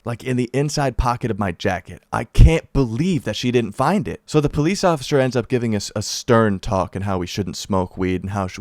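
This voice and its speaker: A young American man vlogging in a casual storytelling style, animated and profane, repeating lines for emphasis. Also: mid-range voice, no room sound, clean studio sound. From United States.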